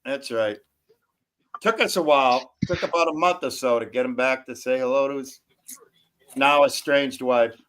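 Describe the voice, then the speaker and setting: A man's voice: medium pitch, moderate pace, a bit bright, a little hiss or hum. A man hosting a crude, casual live stream, teasing and rambling with profanity. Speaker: stream host.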